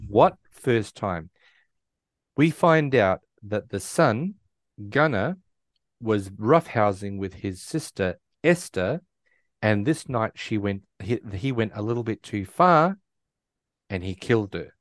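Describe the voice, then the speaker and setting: A man with a somewhat low voice recaps a movie in casual conversation, stumbling and restarting as he goes. The sound is dry and close, with no room around it. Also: animated, slow pace, dry recording. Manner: rambling storyteller, many restarts and quoted lines. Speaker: podcast co-host.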